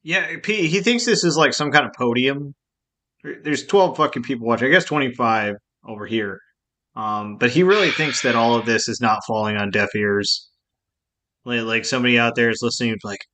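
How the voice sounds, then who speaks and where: Bright-voiced man with sarcastic mockery. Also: medium pitch, moderate pace. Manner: sarcastic, mocking.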